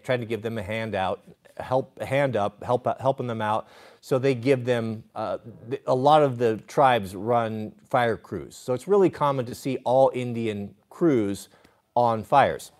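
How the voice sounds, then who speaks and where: A man's voice: mid-range voice, darkish tone. A man hosting a livestream who tells a long story in a rambling way, with restarts and acted quotes. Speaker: host.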